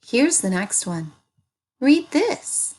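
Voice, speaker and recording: A woman teaching an early reading lesson, speaking slowly and sounding out words for young children. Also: high voice, sing-song, darkish tone, breathy edge.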